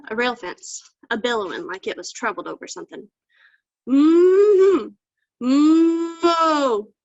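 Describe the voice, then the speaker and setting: A woman's voice: on the high side, bright, forceful tone, no echo. A woman storyteller telling a folktale with folksy country phrasing over a video call. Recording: dull lo-fi dry sound.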